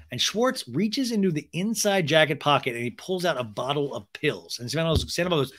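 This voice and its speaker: A man's voice: a little high, a little fast. A young adult man hosting a comedy podcast, recapping reality TV with rambling asides and acted-out quotes. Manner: animated, acts out quotes in funny voices. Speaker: podcast host.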